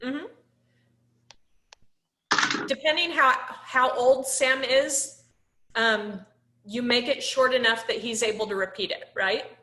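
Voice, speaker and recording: A woman with a fairly high, bright and forceful voice teaches a live online class through her laptop microphone. Her delivery is conversational and loose, with frequent "um"s. She keeps turning to the class with questions. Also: slow pace, pauses often, echoey room, slight background noise. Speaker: instructor.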